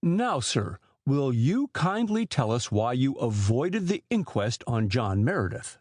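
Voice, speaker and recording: A stern police inspector from an old mystery audiobook, pressing his questions dryly and without letting up, as the male narrator reads him. The voice moves lively through its pitch and sits close and dry. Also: unhurried, no room sound. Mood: probing.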